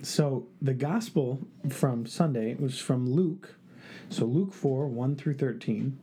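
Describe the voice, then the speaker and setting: A man in his thirties co-hosts a casual Catholic live show, speaking slowly in a mellow, mid-range voice. He laughs often and stumbles over his words, and a little hiss or hum is audible.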